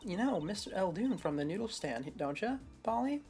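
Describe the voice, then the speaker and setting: A woman voicing a loud, folksy old male noodle vendor with a put-on drawling accent, reading game dialogue aloud. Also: medium pitch, big pitch swings, normal speed, faint music behind, pitched above the performer's own voice. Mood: boisterous.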